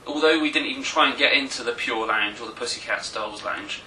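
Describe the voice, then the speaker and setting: A man's voice: medium pitch, a little fast, sharp tone, a little hiss or hum. A man from England, co-hosting a casual chat, teasing and cutting in on his friend. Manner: teasing, interrupting, laughing. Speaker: co-host. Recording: roomy echo, mic at a distance.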